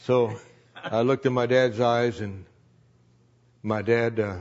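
A man's voice: medium pitch, steady tone, slow, a little mellow. Older male storyteller, rambling and folksy, many restarts; dull lo-fi church recording.

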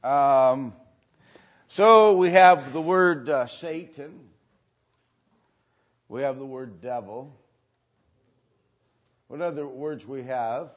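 A man teaching a sermon, speaking with many pauses and filler sounds. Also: mid-range voice. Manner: slow, halting, many fillers. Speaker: preacher. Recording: dull lo-fi sound.

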